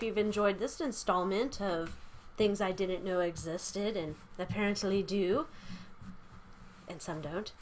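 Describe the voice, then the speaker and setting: A woman's voice: mid-range voice, measured pace, slight background noise. A woman giving a casual tarot reading, rambling and chatty, irreverent, with casual swearing. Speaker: tarot reader.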